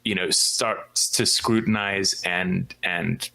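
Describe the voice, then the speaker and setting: A man's voice: sits low, fairly even intonation, slow, vocal fry, sharp tone, rough recording. A man co-hosting a casual podcast, rambling through his thoughts and teasing his co-hosts. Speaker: podcast co-host. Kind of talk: casual chat.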